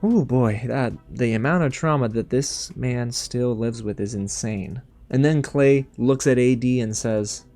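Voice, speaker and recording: A man's voice: medium pitch, normal speed, faint music behind. Sassy man recapping a dating show. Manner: animated and sassy, addresses viewers directly. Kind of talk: casual recap and review commentary.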